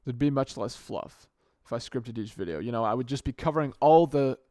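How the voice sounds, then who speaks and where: A young man speaks casually into a good podcast microphone, thinking aloud and correcting himself as he goes. His voice sits at an ordinary middle pitch. The sound is dry, with no room echo. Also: a little fast, darkish tone. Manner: rambling, often restarts and corrects himself mid-sentence. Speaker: podcast host. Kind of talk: casual solo podcast monologue.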